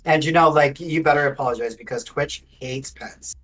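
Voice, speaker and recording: A man with a husky, slightly rough voice chats casually as a guest on a stream. He is laid-back, mostly agrees in short replies, and adds dry sarcasm. Faint music sits under his voice. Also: on the high side, normal speed, fairly bright tone, poor audio. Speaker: guest co-host.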